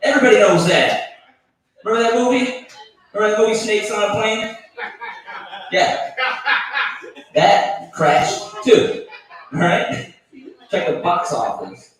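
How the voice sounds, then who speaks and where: A man's voice: sits high, a little slow, long pauses. A man doing a stand-up set at an open mic, crude and offhand, doing crowd work and mocking his own jokes. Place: bar stage at an open mic. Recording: echoey room, taped from far off.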